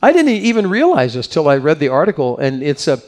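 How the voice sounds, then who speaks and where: A man's voice: fairly high pitch, huge pitch swings, fast talker, a little mellow. Rambling, chatty male preacher. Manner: rambling, with frequent asides and repeated words. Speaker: pastor. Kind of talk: conversational sermon.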